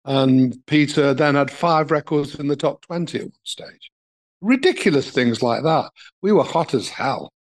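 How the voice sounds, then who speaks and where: A man's voice: on the high side, animated, normal speed. An older man from England, a talent manager, recalling his career in an interview with chuckling, anecdotal asides. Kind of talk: reminiscing interview answers.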